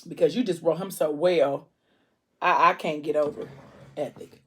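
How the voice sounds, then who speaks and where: A woman's voice: sits low, fairly even intonation, normal speed, a bit bright, breathy edge. Chatty woman vlogger retelling a book. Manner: chatty, retells scenes with many "like"s. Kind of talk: casual book chat.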